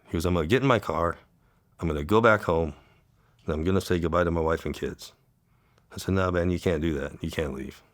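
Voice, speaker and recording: A man who worked undercover, recounting an old case in an interview, halting and repeating words, tearful at times, and acting out the lines of the people in the story. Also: low-pitched, no echo, clean studio sound. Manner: halting, repeats words, acts out quoted dialogue. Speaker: interview guest, former undercover officer. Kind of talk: emotional storytelling.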